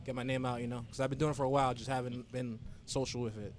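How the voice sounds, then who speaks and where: A man's voice: mid-range voice, level tone, rapid-fire, a little hiss or hum. A man who is a guest on a casual podcast, talking about organizing music events, rambling with restarts.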